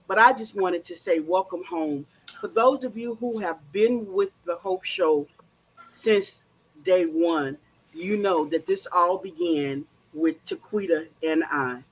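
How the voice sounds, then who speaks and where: A woman's voice: medium pitch, slightly rough, poor audio. Playful woman hosting a faith show. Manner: playful, animated. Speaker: host.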